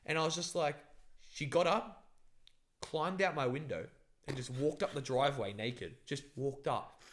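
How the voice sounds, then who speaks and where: A man's voice: mid-range voice, normal speed. A young man telling a rambling story on a podcast, full of filler words and swearing. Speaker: podcast co-host. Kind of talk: casual storytelling chat.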